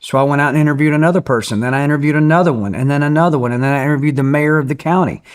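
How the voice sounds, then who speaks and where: A man guest telling a story in casual conversation, animated and acting out the people he quotes. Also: on the high side, very fast. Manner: animated, acts out quoted voices.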